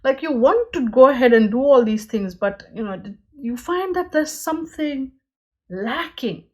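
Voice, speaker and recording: A woman's voice: high voice, expressive, normal speed, darkish tone. A woman giving a pick-a-card tarot reading, speaking earnestly and straight to her viewers, with many "you know"s.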